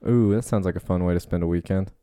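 A man's voice: low-pitched, fast talker, warm tone, dry recording, clean studio sound. A young man co-hosting a casual podcast chat, asking questions and laughing often. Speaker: podcast co-host.

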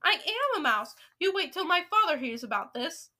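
A loudmouthed, spoiled boy-turned-mouse, as a woman reader puts him on, who shouts and protests in a high, piercing voice. He is indignant and pushy, in a storybook read aloud. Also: animated, fairly quick. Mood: outraged.

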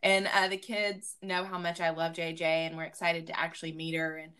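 A woman's voice: deep voice, flat delivery, fairly quick, fairly bright tone, clean tone. Chatty woman co-hosting. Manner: chatty, laughs often, uses y'all. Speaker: podcast co-host. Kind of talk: casual chat.

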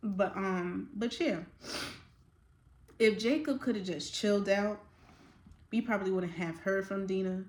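A woman hosting a faith-based casual talk. She speaks with passion, drops slangy asides and gets excited as she goes. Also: medium pitch, roomy sound. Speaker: podcast host.

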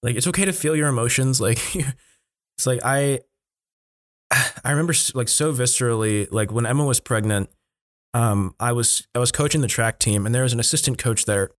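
A man's voice: mid-range voice, normal speed. Man podcast host with a mid-range voice, loose and chatty, laughs through his stories. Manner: relaxed, laughs while telling anecdotes; frequent likes and restarts. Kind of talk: casual podcast interview.

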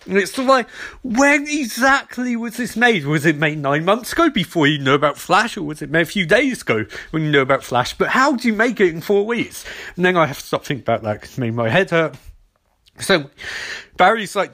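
A man recapping a TV episode in a casual, sarcastic way, jumping into quick mocking voices for the characters. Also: high-pitched, expressive, pushed and bright. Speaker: TV episode reviewer.

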